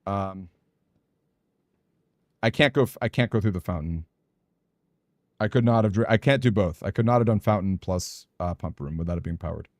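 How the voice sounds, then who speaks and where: Speaking in a deep voice at a moderate pace with long pauses, a gaming streamer anxiously talks himself through his moves in let's play commentary. The clean studio recording has no room sound.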